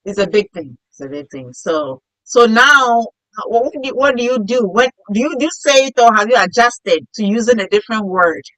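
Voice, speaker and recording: Woman, middle-aged, from Africa, interview host, playful, bright forceful tone, dry close sound. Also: a little high, animated, moderate pace, few pauses, dry recording, rough recording. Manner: playful, laughing, acts out quoted voices. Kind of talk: casual interview chat.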